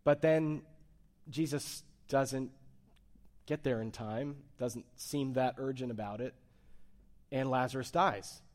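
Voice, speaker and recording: Man preaching in a conversational sermon. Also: mid-range voice. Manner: conversational preaching, swings between soft and emphatic. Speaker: pastor.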